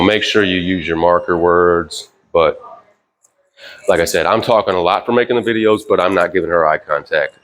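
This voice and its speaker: Man, very deep voice, dog trainer, relaxed and rambling, casual how-to talk. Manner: relaxed, rambling with fillers, sharp higher commands to the dog. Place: indoors with a dog.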